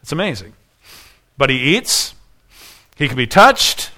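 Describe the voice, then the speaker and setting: Um homem pregando um sermão com fervor, fazendo perguntas retóricas à congregação. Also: male voice, mid-range voice, big pitch swings, a little slow, pushed and bright. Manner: earnest preaching with rhetorical questions. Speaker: pastor. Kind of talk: sermon.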